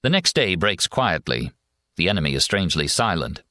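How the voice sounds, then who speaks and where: A man narrating a war memoir audiobook in a steady, measured first-person reading. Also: low-pitched, dry recording, clean studio sound.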